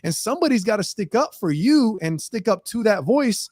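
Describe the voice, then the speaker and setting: A man's voice: high-pitched, very animated, moderate pace, a little mellow, dry recording, clean studio sound. A man hosting a talk show segment, speaking in an earnest, emphatic, plain-spoken way about how people talk to themselves.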